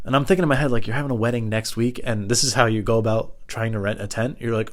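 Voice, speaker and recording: A man's voice: medium pitch, racing, few pauses. A young man hosting a podcast, telling a comic personal story in a rambling way, full of profane, self-mocking asides. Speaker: podcast host.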